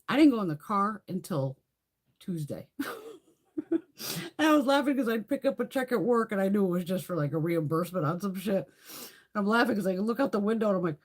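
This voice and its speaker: Husky, foul-mouthed woman telling a story. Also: mid-range voice, a little fast. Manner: profane, animated storytelling with frequent laughs. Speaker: beauty vlogger. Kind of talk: casual live-stream chat.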